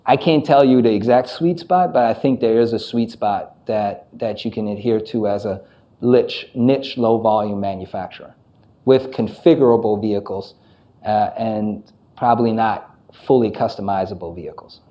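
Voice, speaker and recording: A man answering audience questions after a talk, measured and a little halting, correcting himself as he goes. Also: fairly low pitch, warm tone. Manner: measured, with fillers and self-corrections. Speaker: conference speaker. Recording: dull, lo-fi recording.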